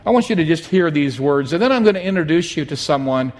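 A middle-aged man preaching a sermon, telling a personal story in an animated, emphatic way. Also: on the high side, quick pace. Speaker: pastor.

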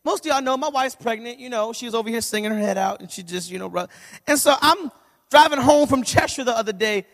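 Male pastor, sermon; lively comic storyteller who builds to shouts; high voice with long hall reverb. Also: fast. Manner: animated, humorous storytelling that swells into shouting.

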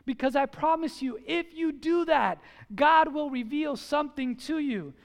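A man's voice: extremely high pitch, a little slow, vocal fry. A man preaching a sermon as pastor in a church, emphatic and full of rhetorical questions.

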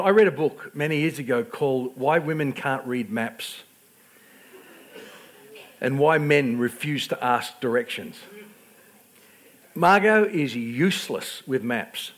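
Slightly high-voiced, a middle-aged pastor delivers a sermon full of self-deprecating stories. Stammered restarts mark his speech, which lurches from loud outbursts to quiet asides.

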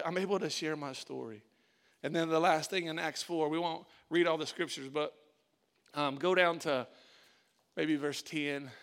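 A middle-aged male pastor preaching with a voice pitched a little high for a man. He tells stories softly at first, then rises into loud, animated exhortation and calls on the congregation to join in. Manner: builds from quiet storytelling to loud, animated preaching; calls on the congregation, uses "y'all". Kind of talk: sermon.

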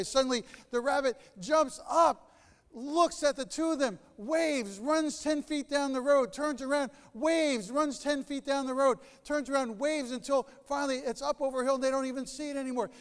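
A male pastor preaching a sermon, telling stories with animated delivery and dramatic pauses. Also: extremely high pitch, clean tone, long reverb tail.

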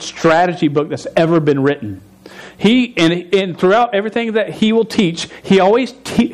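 Animated, fairly high-voiced male preacher. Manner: animated, emphatic preaching with frequent restarts. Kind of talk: sermon. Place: church service.

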